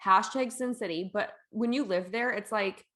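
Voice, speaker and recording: A woman's voice: mid-range voice, normal speed, fairly bright tone. A young woman hosting an interview, chatty and enthusiastic, swearing casually. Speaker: host. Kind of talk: casual chat.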